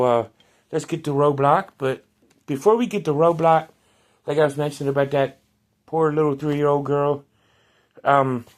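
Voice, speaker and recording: Guy rambling thru a casual vlog, lots of ums and restarts, reads stuff out loud. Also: mid-range voice. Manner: loose delivery with frequent ums and restarts. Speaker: toy collector reviewing action figures. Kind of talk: casual vlog talk and reading aloud.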